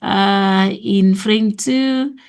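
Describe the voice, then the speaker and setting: Slow, gravelly South African woman teacher. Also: medium pitch, a little mellow. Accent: South African English. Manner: slow, thinking aloud, repeating answers. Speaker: teacher going over exam memo. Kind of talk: exam revision lesson.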